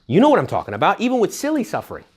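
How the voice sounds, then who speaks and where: A man, a priest, giving an informal retreat talk to young adults, animated and conversational, full of rhetorical questions, jokes and quick asides. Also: sits high, husky. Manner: rhetorical questions directed at the audience. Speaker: Catholic priest leading a retreat.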